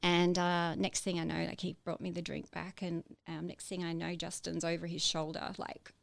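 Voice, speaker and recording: A woman telling her own story in a podcast interview, halting, with many fillers and restarts. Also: fairly low pitch, level tone, creaky, no echo. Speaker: interview guest.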